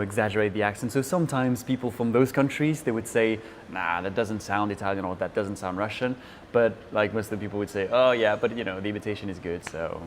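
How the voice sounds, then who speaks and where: A young Frenchman speaks in a fairly low voice, answering interview questions with a French accent. He talks haltingly, with many fillers and restarts. A faint hum of ambience sits behind him. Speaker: interview guest.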